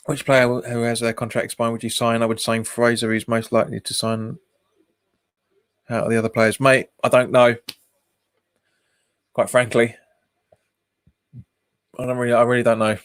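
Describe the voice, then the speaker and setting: A fan channel host reacts to a football match during a live watch-along, reading comments from viewers aloud, answering them and laughing often. His mid-range delivery is flat and unhurried, with long pauses. The sound is clean studio audio with no room sound.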